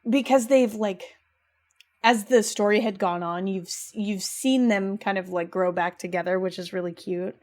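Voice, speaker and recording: A young adult woman co-hosts a podcast, gushing emotionally as she casually recaps a video game, full of filler like "like" and "rad." Her mid-range voice has a darkish tone and normal speed.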